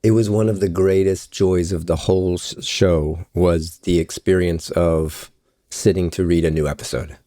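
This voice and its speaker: A man's voice: low-pitched, fairly even intonation, moderate pace, warm tone. A man who is a guest actor on a podcast, talking candidly with small restarts. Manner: candid, reflective, stammers on restarts. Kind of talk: casual podcast interview.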